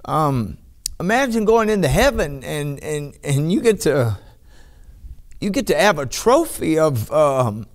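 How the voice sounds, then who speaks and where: A man preaching a sermon, speaking slowly with many restarts and breaking into ecstatic shouts of praise. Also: a little high, big pitch swings. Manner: bursts into ecstatic shouts and hallelujahs; slow, halting delivery with many restarts.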